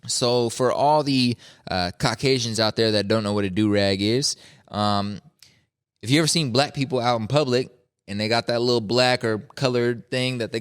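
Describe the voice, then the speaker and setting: A man's voice: mid-range voice, clean tone. A man hosting a podcast, chatting casually in a laid-back, slangy, opinionated way. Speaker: podcast host. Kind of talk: casual chat.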